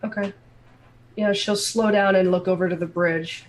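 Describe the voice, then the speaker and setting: Male player, high voice, dry and blunt, casual game-table talk. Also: steady tone, moderate pace, slight background noise. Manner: wry and blunt, swears freely.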